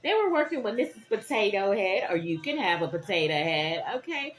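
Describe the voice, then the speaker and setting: A woman giving a tarot reading to her viewers, animated and dramatic, often checking in with "okay?". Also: mid-range voice, fairly quick. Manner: animated, keeps asking "okay?". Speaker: tarot reader.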